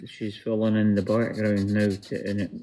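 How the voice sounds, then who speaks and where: A man's voice: lowish voice, completely flat delivery, normal speed, dark tone. A Scottish man chatting casually with dry, wry remarks as co-host. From Scotland. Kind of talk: casual chat.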